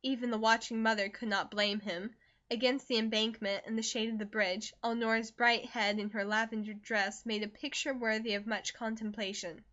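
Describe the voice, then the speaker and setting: A woman reads a classic novel as an audiobook in a measured, expressive way. Her voice is high and bright. The recording sounds slightly dull. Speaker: audiobook narrator. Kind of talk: scripted narration.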